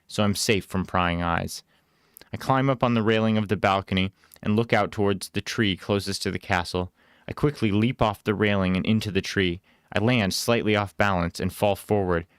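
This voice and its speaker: A man reading a storybook aloud in a plain, unhurried way with small casual asides. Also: sits low, smooth, dry recording, clean studio sound.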